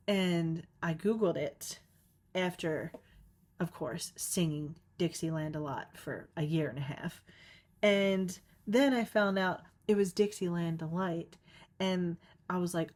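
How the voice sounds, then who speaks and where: A woman's voice: on the low side, measured pace, a little mellow. Giggly rambling woman podcaster. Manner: rambling, giggly, lots of "like" fillers. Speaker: podcast host. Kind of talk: casual solo podcast monologue.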